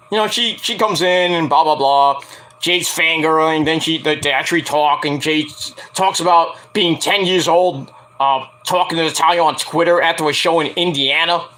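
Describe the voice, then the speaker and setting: A man casually recapping a wrestling show, animated, profane and sarcastic. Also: on the high side. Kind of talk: casual rant-style recap.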